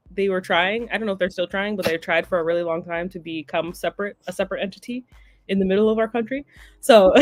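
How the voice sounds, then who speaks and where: A woman's voice: medium pitch, a little mellow, no room sound. A young Canadian woman hosting a livestream, chatting casually and laughing often between remarks. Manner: chatty, laughs often, talks to her pets. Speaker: livestream host. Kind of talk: casual chat reading chat messages.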